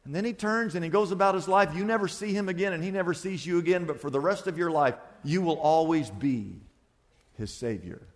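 High-voiced man preaching in an echoey hall. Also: a little fast. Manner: emphatic storytelling with repetitions. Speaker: pastor. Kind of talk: sermon.

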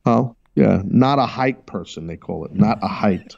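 A man hosting a sports talk show, brash and animated, teasing his crew as he talks. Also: lowish voice, normal speed, vocal fry, highs cut off. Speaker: radio show host.

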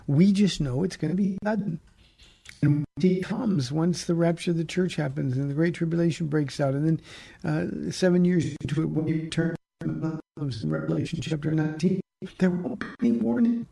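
A middle-aged pastor answers listeners' Bible questions on a radio call-in program, speaking earnestly and emphatically and often restarting his sentences. His voice is fairly high, creaky and slightly rough, with a warm tone.

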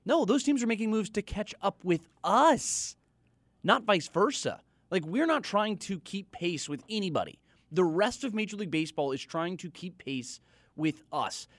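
A man on sports radio makes his case emphatically and insistently. His voice sits fairly high and swings widely in pitch, heard close and dry at the mic. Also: expressive, moderate pace, fairly bright tone, no echo. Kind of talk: call-in radio talk.

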